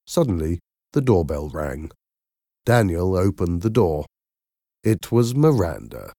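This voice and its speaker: A man reading a storybook aloud in a low voice with a very wide, sing-song melody. He takes his time, spacing each phrase slowly and clearly. The recording is dry and close, with no room sound. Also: no echo. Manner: slow, clear and expressive. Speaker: narrator.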